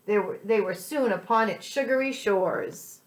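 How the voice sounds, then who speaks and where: Expressive woman reading aloud to children. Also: mid-range voice, measured pace, echoey room, rough recording. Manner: expressive reading with soft, friendly asides to the class. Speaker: second-grade teacher.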